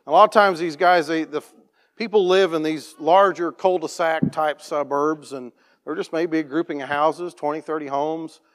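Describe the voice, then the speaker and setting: A man's voice: fairly high pitch, fairly even intonation, normal speed. Plain-spoken man telling a church testimony. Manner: plain-spoken, frequent restarts, clears his throat often. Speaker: farm operator sharing a church mission story.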